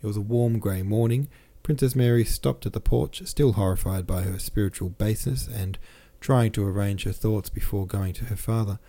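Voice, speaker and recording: A man narrating a classic novel as a podcast host, reading in a measured way with small self-corrections. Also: fairly low pitch, warm tone. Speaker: podcast host and audiobook reader.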